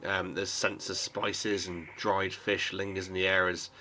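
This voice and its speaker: A man narrating a tabletop adventure as game master, in a lower voice with a bright, forceful edge. He talks casually and loosely, full of ums and restarts as he describes the scene. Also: flat delivery, measured pace, slight background noise. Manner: casual, hesitant with many fillers.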